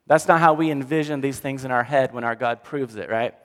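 A male pastor preaching a sermon in an animated storytelling way, often dropping to quiet for emphasis. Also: medium pitch, brisk. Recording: long hall reverb.

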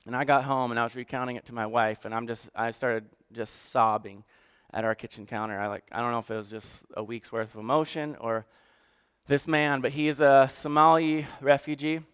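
A man preaching in a relaxed, conversational way, with a smooth, resonant voice at an ordinary middle pitch. He is animated and joking in his asides and earnest when he tells a story. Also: brisk. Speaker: pastor.

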